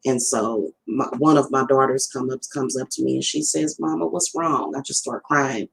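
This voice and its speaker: A woman's voice: rumbling low, moderate pace, creaky, a little hiss or hum, low-quality recording. A middle-aged woman, a spiritual reader chatting casually to her viewers, rambling and addressing them directly. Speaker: spiritual reader and channel host. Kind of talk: casual livestream talk.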